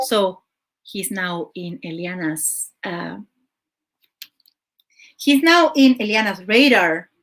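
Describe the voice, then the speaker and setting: A woman's voice: medium pitch, slow, long pauses, a bit bright. A woman hosting her show, casually recapping a telenovela in a chatty, exasperated way with lots of fillers. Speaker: show host.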